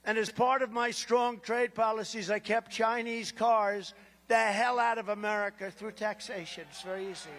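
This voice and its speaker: High-voiced man giving a rambling rally speech. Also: fairly even intonation, normal speed, a bit bright, slight background noise. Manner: rambling, boastful, with sarcastic asides and repeated phrases. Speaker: political speaker at a rally. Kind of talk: campaign rally speech, riffing off-script. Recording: long reverb of a large venue.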